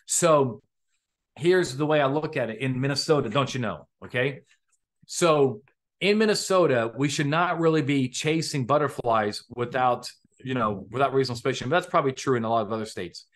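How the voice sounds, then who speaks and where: A man hosting a live online legal training for police officers, lecturing casually and quizzing his audience with questions. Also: mid-range voice.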